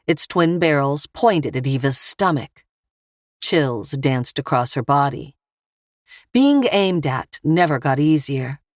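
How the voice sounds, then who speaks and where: A woman narrating a thriller audiobook in a measured, steady voice. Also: deep voice, no room sound, studio quality. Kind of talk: scripted narration.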